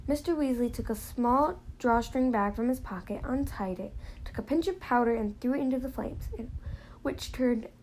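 A woman's voice: fairly high pitch, moderate pace, darkish tone, low-quality recording. A woman reading a novel aloud in a plain manner, now and then slipping and restarting a phrase. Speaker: reader.

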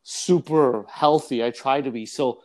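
A man in casual podcast chat, a salesperson telling jokey stories with an animated delivery. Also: unhurried. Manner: animated joking storyteller, swings pitch widely.

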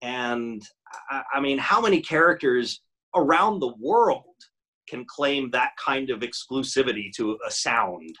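A middle-aged man, a voice actor, telling relaxed stories in a casual interview and laughing easily. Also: medium pitch, a little slow. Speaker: voice actor guest.

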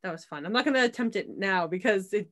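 A woman's voice: medium pitch, lively intonation, fast. A woman in her thirties co-hosting a casual podcast, chatty and rambling with frequent restarts. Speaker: podcast co-host.

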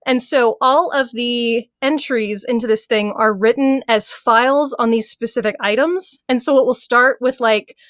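A giggly woman with a fairly high voice explains things eagerly on a casual podcast. Her voice is close and dry, with no room sound. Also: dry recording. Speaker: podcast co-host. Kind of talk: casual chat.

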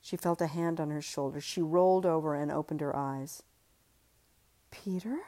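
A woman, an author and podcast host, reading her own novel aloud in a measured, steady voice. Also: deep voice.

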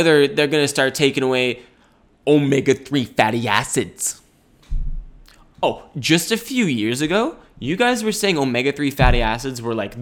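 A man's voice: medium pitch, a bit bright. A man in his twenties hosting a podcast, rambling in goofy, profane chat and slipping into silly voices. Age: 20s. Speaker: podcast host.

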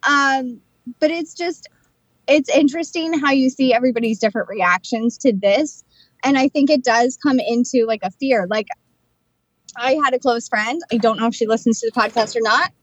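A woman co-hosting a podcast, telling stories in a chatty, animated way about her work as a psychic and channeler. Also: a little high, normal speed, no echo, muffled recording. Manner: chatty storyteller, animated retelling of conversations. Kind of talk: casual chat.

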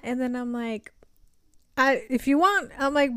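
A young woman co-hosting a podcast, telling a story with lively acted quotes and a few Spanish words mixed in. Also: on the high side, normal speed, smooth, no echo, studio quality. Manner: animated storytelling, acts out quotes, code-switches into Spanish. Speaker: podcast co-host. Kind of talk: casual chat.

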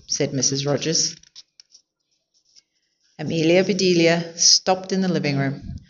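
A woman reading a children's picture book aloud in a clear, expressive way. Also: sits low, moderate pace, muffled recording. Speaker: storyteller.

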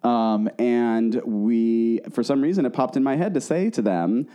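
A man co-hosting a podcast in casual chat, chatty and excitable. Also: medium pitch, unhurried, hardly any pauses. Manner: chatty, excitable, full of fillers. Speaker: podcast co-host.

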